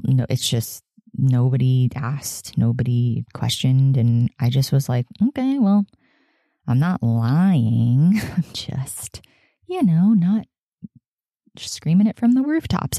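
Tearful woman podcaster, candid and halting. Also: rumbling low, dark tone, no room sound, clean studio sound. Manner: halting, emotional, frequent fillers and laughs. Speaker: podcast host. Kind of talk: candid solo podcast confession.

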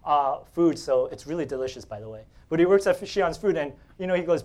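A man's voice: on the high side, animated, fairly quick, hardly any pauses, a little mellow. A man from Staten Island, New York preaching a sermon, telling personal stories in a joking, conversational way and laughing often.

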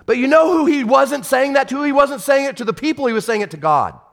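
Animated preaching man in a reverberant hall. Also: very high voice, fast, creaky. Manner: animated, shifts from shouting to hushed. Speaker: pastor. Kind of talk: sermon.

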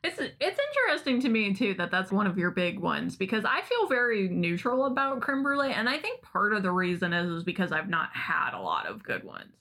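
A woman's voice: mid-range voice, big pitch swings, a little fast, few pauses, sharp tone. A woman co-hosting a casual podcast, interviewing and teasing her friend with amusement. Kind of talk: casual chat.

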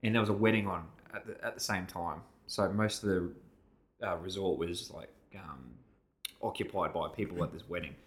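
A man's voice: low voice, moderate pace. An Australian man in his thirties co-hosting a podcast, telling a story in casual chat and acting out the other people in it. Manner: animated, acts out both sides of the story with raised voice. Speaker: podcast co-host.

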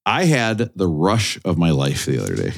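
A man co-hosting a podcast, telling a story in a casual, animated, self-mocking way. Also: low voice, normal speed, vocal fry. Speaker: podcast host.

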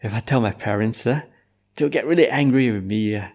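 A man's voice: mid-range voice, brisk, darkish tone, close to an everyday voice. A man voicing a worried young village girl in a spoken story, talking in a fretful, pleading way.

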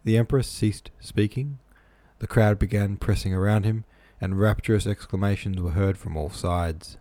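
A man's voice: fairly low pitch, fairly even intonation, normal speed, warm tone, no room sound. A man reading a novel aloud, plain with casual asides, close-miked in a small room. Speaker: reader.

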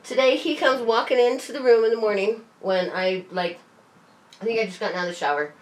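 Animated swearing woman, roomy and distant. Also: on the high side, a little fast. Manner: animated storyteller, swears, laughs often. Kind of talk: casual chat. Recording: roomy, off-mic, faint hiss.

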